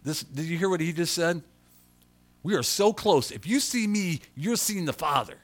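Preaching with animation, this slightly high-voiced male pastor raises his volume to drive points home and slows his delivery to stress important lines, chatting with the congregation along the way.

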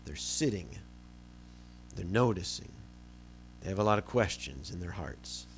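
A man preaching a sermon, his pitch leaping and dropping as he retells a Bible story. He swings from loud, pressing emphasis to quiet, low asides. A faint hum sits under the recording. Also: animated, unhurried. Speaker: pastor.

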